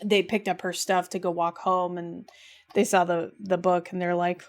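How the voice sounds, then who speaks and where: A woman's voice: lowish voice, level tone, normal speed. A young adult woman co-hosting a podcast, casually and emotionally recapping a video game with lots of filler words. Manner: gushing, emotional, lots of "like" and "rad". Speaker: podcast co-host.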